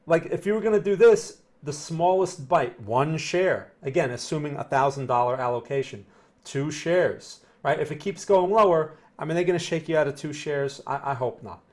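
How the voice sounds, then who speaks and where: Man, middle-aged, New Jersey accent, slightly high voice, live market commentary, casual, chatty with viewers. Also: normal speed. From northern New Jersey. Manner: conversational, repeats himself, reads chat aloud. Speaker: market analyst streaming live.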